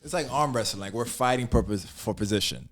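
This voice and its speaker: A man's voice: medium pitch, fairly quick, fairly bright tone, a little hiss or hum. A man co-hosting a casual podcast, explaining things in a laid-back, matter-of-fact way. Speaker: podcast co-host.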